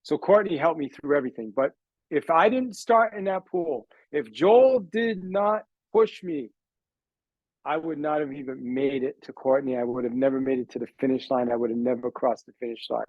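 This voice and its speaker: A man, a sales trainer, telling a personal story in a motivational talk, animated and acting out the dialogue while calling his listeners "guys". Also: medium pitch, normal speed, no room sound, muffled recording. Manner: acts out quoted dialogue in the story.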